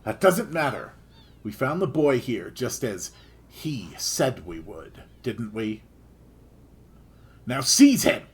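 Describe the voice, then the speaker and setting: A man voicing a stern male knight commander who speaks low and threatening. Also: sing-song, slow pace, pauses often, breathy edge, exaggerated voice.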